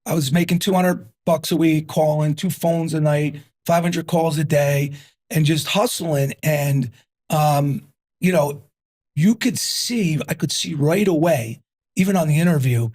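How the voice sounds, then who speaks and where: A husky-voiced man in his fifties from New Jersey, a guest on an interview show. He tells his story in an energetic, punchy way, driving points home with repeats. His voice sits a little high for a man. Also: measured pace. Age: 50s.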